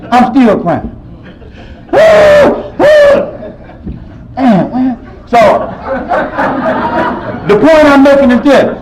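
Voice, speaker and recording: A man with a strikingly high voice gives a heartfelt personal testimony to a recovery group. He tells it with raw emotion, bursting out loudly at moments and then sinking into soft, low passages. A faint murmur of listeners sits behind him. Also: poor audio. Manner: animated, emotional storytelling with sudden loud outbursts and soft low passages. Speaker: speaker sharing his story at a recovery meeting.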